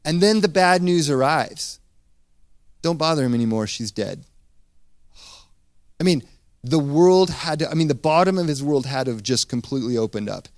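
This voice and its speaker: A man preaching a sermon as pastor, retelling a scripture story in a casual, animated way with frequent restarts. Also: fairly high pitch, normal speed, long pauses, no room sound, clean studio sound.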